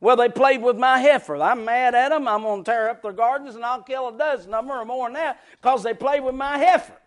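Male preacher doing a vengeful, hot-headed strongman who grumbles out his grudges in a high voice. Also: fairly even intonation, a little fast. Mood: resentful. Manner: resentful, hot-tempered grumbling. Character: angry vengeful biblical strongman, grown man.

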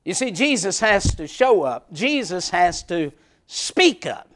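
A man preaching a folksy sermon, moving from hushed near-whispers to loud shouts. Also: high-pitched, big pitch swings, takes it slowly. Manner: folksy, laughs between points. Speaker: pastor.

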